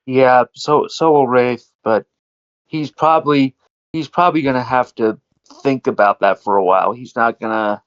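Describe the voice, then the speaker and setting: A man's voice: medium pitch, steady tone, normal speed, clear, resonant tone, no echo, muffled recording. A man playing a tabletop game online, talking hesitantly with lots of fillers and restarts. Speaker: player. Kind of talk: casual tabletop play.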